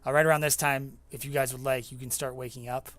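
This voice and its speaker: A young man narrating a tabletop game as game master, halting with many fillers. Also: medium pitch, flat delivery, fairly bright tone, dry recording.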